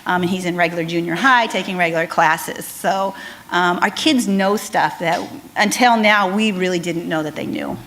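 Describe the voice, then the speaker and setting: A woman speech pathologist giving an animated conference talk, telling stories with frequent ums and restarts. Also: on the low side, moderate pace, slight background noise.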